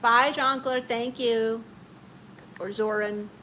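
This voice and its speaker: A woman's voice: fairly high pitch, fairly even intonation, unhurried, fairly bright tone, a little hiss or hum, low-quality recording. A woman hosting a casual live stream, chatting and reading viewer comments aloud before answering them. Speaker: livestream host.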